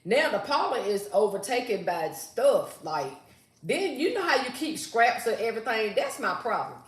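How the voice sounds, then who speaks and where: A woman's voice: a little high, sing-song, moderate pace. An older woman, hosting a casual live stream and chatting sassily with viewers, reading their comments aloud. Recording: roomy echo.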